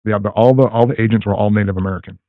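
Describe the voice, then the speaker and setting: An older man tells a long personal story as a guest over a tinny, phone-like, dry line with no echo. His voice is on the low side and steady in tone, but he races along, full of fillers and restarts.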